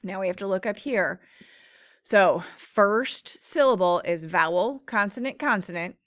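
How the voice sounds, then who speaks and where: A woman's voice: mid-range voice, lively intonation, no room sound, studio quality. A woman teacher patiently explaining syllable patterns in a classroom phonics lesson. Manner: slow, patient explaining with drawn-out words.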